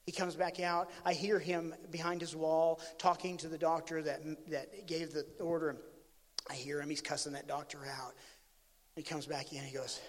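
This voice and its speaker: A man with a high-pitched voice delivers a sermon. He tells a story with lively swings between loud outbursts and quiet asides. His voice rings with the long reverb of a big hall. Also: normal speed. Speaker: pastor.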